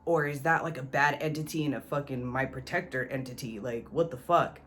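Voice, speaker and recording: A woman's voice: extremely low pitch, fairly quick, fairly bright tone, a little hiss or hum. A young woman vlogger telling a personal story in a casual, slangy way, cursing freely and addressing the viewer directly. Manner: slangy, profane, talks straight to the viewer.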